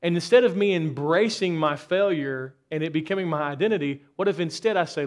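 A man delivers a sermon in a church, his voice sitting a little higher than most men's. He presses the congregation with repeated rhetorical questions and swells into sudden surges of force before dropping back down. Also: a little fast, hardly any pauses. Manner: rhetorical questions, rising intensity in bursts. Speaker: pastor.

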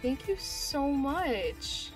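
A young woman streams live, chatting casually with viewers in a gushing, excitable way while swearing freely. Her voice is high and extremely slow, with music playing in the background.

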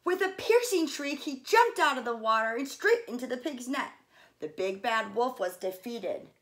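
Gentle and expressive, with a slightly high voice, a female fitness coach reads out a children's story and pauses softly to describe the pictures.

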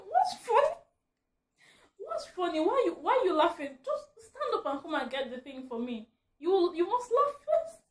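A husband who laughs at his wife instead of helping her, played by a woman in her own voice. He sounds high and amused, and the room around him rings. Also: big pitch swings, moderate pace, reverberant. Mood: teasing laughter. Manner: laughing, teasing.

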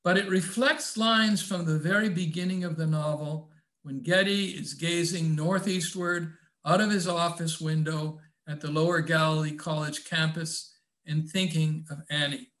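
An older man, an author, reading aloud from his own novel in a reflective, measured way and adding his own comments. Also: a little high, a bit bright.

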